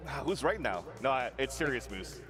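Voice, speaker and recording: Lively, playful male quiz host. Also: medium pitch, fairly quick, over music. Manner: playful, teasing quizmaster. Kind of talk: casual game segment hosting. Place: esports event venue.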